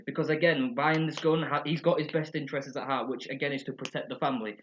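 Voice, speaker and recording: A man's voice: on the high side, fairly even intonation, fast, fairly bright tone, a little hiss or hum. A man chatting energetically as he reviews an episode, recorded on a computer webcam at home. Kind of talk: casual chat. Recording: slightly dull webcam audio.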